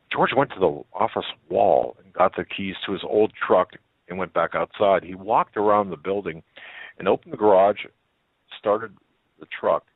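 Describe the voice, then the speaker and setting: A man reading a story aloud as a radio host, in a halting way with many fillers and restarts. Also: low voice, no room sound. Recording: tinny phone-like line.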